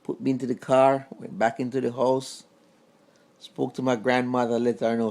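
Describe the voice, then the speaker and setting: Gravelly-voiced man telling a family story. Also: mid-range voice, flat delivery, a little mellow. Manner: halting, repeats words when moved. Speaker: vlogger. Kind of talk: casual storytelling to camera.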